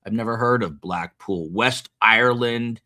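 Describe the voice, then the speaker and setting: A man hosting a live-stream show, chatting casually and reading out viewer comments with animated energy. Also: mid-range voice, measured pace. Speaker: livestream show host.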